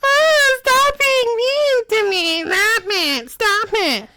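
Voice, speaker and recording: A woman voicing a whiny, shrieking person who begs others to stop mocking them, in a shrill, pleading voice. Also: very slow, pushed and bright, heavily acted. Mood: mocking whine. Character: whiny shrieking person begging not to be mocked.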